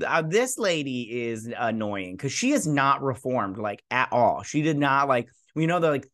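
A man's voice: mid-range voice, moderate pace, hardly any pauses. A young man hosting his own channel, recapping and reviewing a TV episode in a rambling, casual way with lots of ums and likes. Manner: rambling, filler-heavy, animated retelling. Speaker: YouTube show host.

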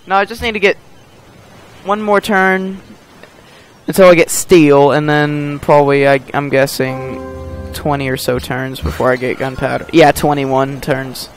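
Male game host, higher voice, unhurried, talks to himself and cracks jokes over the game. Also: steady tone, soft background music. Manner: mutters and jokes to himself while playing. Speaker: gameplay host. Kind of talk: casual gameplay commentary.

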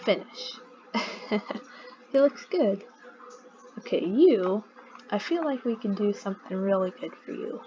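A woman's voice: medium pitch, animated, measured pace, pauses often, dark tone, highs cut off, a little hiss or hum. A woman giving casual let's-play commentary, giggling often and chatting to the game's characters.

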